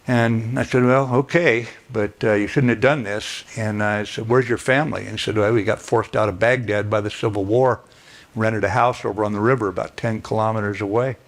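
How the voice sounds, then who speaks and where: An older man, a retired general telling a war story to an audience in a folksy, plainspoken way, clearing his throat now and then. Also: on the low side. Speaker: retired general giving a speech.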